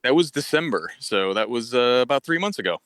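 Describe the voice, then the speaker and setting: A man's voice: mid-range voice, big pitch swings, a little fast, fairly bright tone, no echo. A man talking as a guest musician on a live stream, chuckling and self-deprecating in casual chat.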